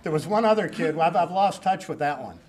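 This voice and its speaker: A man's voice: on the high side, expressive, quick pace, darkish tone. A man in his sixties giving a hall of fame acceptance speech at a banquet, joking, self-deprecating and rambling.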